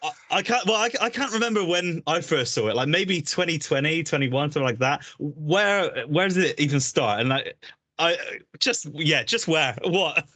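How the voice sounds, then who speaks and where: Bright, dry-sounding radio host man. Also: fairly high pitch, expressive, moderate pace, no echo. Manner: laughs often, rambling questions. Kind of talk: casual radio interview.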